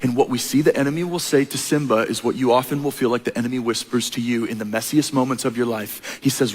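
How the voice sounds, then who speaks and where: A man preaching a sermon, telling a story in an animated, earnest way. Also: mid-range voice, fast, few pauses. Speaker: pastor. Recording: echoey hall with long reverb.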